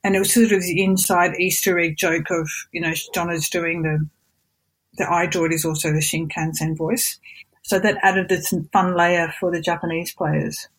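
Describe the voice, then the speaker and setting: Husky Australian woman telling stories. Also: on the low side, moderate pace, rough recording. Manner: animated storyteller, mimics voices. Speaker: voice actress and singer, guest. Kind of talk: casual interview chat.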